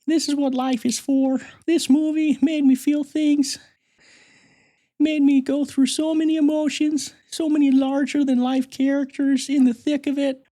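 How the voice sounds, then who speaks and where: A man's voice: very high voice, flat delivery, unhurried, warm tone, pitched above the performer's own voice. A man voicing a pompous, nerdy male superfan podcaster who brags, rambles and giggles. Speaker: fake guest.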